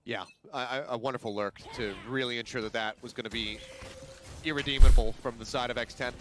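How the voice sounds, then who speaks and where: A mid-pitched male caster calls a shooter match in a steady, analytical way. He tracks each move and explains what the teams are thinking. His voice sits at an ordinary, even pitch. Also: a little fast, soft background music. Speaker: esports caster. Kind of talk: play-by-play commentary.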